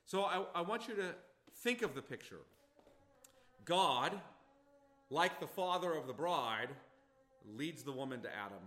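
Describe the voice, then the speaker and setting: Bright-voiced man preaching emphatically. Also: a little high, sing-song, a little slow, long pauses. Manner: emphatic, repeats phrases for stress. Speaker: pastor. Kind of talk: expository sermon. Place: church sanctuary.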